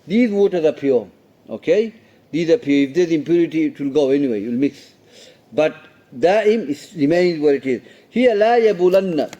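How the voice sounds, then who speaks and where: A man's voice: on the high side, lively intonation, moderate pace, mellow. A man teaching a religious lesson in English, explaining rulings step by step, slipping in Arabic terms and quoted recitations and checking in with "okay?". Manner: repeats himself and checks understanding with "okay?". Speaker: Islamic studies teacher. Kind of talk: classroom lesson explaining hadith.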